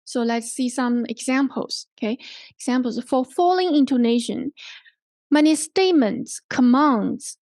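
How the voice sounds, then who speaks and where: A woman with a Hong Kong English accent leads a language workshop, explaining patiently and repeating herself, with frequent "okay?" check-ins. Her voice sits fairly high. The sound is dry and close, with no room echo. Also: lively intonation, measured pace, a little mellow. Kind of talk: teaching workshop on intonation.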